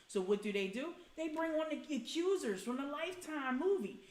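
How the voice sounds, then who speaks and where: In a reverberant room, a livestream host with a high, expressive, slightly mellow voice talks at a moderate pace. She's blunt and profane, chats casually, and greets her viewers by name.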